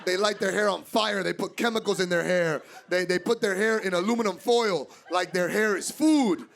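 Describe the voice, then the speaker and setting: A young man from doing stand-up comedy, animated and acting out voices. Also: high-pitched, normal speed, gravelly, a little hiss or hum. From Miami, USA.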